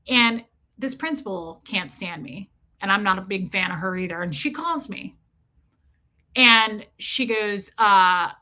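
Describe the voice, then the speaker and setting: A woman telling a story on a casual livestream, chatty and animated, who breaks off to greet her chat and says "like" constantly. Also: mid-range voice. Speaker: streamer and parent.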